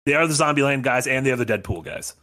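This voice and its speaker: Man, podcast co-host, casual and animated, bright voice. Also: medium pitch, quick pace. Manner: enthusiastic, animated recapping. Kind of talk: casual chat.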